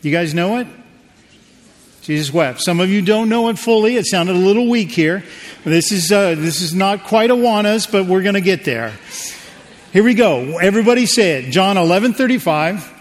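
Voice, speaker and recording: A pastor delivers a sermon, talking to his congregation in a loose, joking way and calling on them to answer. His voice sits a little high for a man. The sound rings with the long reverb of a large hall. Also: expressive, moderate pace. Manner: conversational preaching with jokes and audience prompts.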